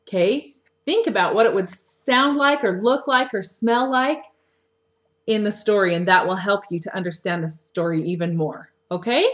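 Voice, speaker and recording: A woman teacher talking a young class through a story lesson, asking gentle questions, recorded on a webcam microphone. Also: medium pitch. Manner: slow, coaxing questions to children. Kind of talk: read-aloud lesson for young children.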